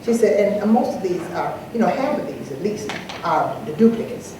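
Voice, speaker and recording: An older woman speaking on an anniversary panel, an animated storyteller who acts out the dialogue in her anecdotes. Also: medium pitch, brisk. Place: large echoey hall, live event. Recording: echoey hall, distant mic, faint noise.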